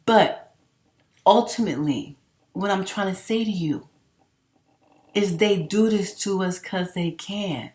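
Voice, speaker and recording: A woman's voice: medium pitch, takes it slowly, long pauses, darkish tone. A middle-aged woman vlogging in a casual, rambling monologue, emphatic and full of swearing. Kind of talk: casual unscripted monologue to camera. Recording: roomy echo.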